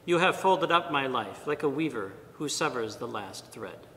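Bright-voiced priest in a reverberant church. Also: male voice, expressive. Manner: measured, deliberate reading with pauses. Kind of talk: liturgical reading and homily. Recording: long church reverb, faint rumble.

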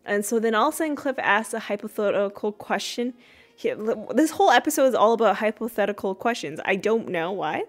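A woman's voice: medium pitch, expressive, normal speed. A woman hosting a podcast, recapping a sitcom episode in a chatty way with frequent laughs and fillers. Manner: chatty, laughs often, many fillers and restarts. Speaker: podcast host.

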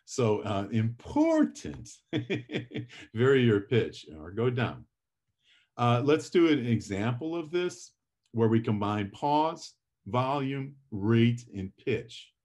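A middle-aged man teaching a public speaking class, lecturing with lively shifts in volume and pace to demonstrate his points. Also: mid-range voice, slow pace. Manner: animated, varies volume and pace for effect.

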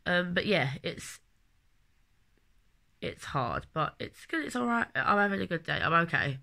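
A vlogger from London in her late twenties, sick with a cold, rambles through a heartfelt personal video. Her fairly low voice is animated and brisk, with vocal fry and a sharp tone.

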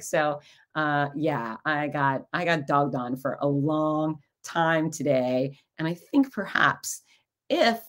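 A woman's voice: sits low, a little slow. A middle-aged woman hosting her own podcast, telling stories in a chatty, casual way and acting out what people said. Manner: chatty storytelling with lively quoted asides. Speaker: podcast host. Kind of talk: casual monologue.

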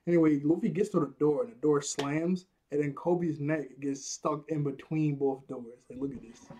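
Amused young man recapping anime, mellow. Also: a little high, fairly even intonation, normal speed, a little hiss or hum. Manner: laughs often, acts out scenes in character voices. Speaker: anime episode reviewer. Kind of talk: casual recap commentary.

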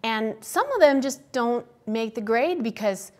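A middle-aged woman sculptor chatting as a guest in an interview, warm and encouraging, laughing often as she talks. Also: on the high side, animated, a little slow. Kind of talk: casual interview chat.

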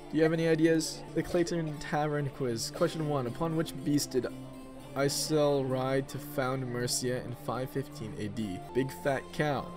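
Casual male gamer, reads the story and thinks out loud. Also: mid-range voice, moderate pace, over music. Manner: casual, offhand, swears, thinks aloud. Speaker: video game streamer. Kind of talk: reading and playing a text adventure.

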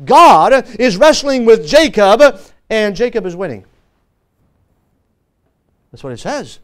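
A man preaching a church sermon as pastor, emphatic and swinging between forceful stresses and sudden quiet drops. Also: sits high, sing-song, slow pace. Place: church service.

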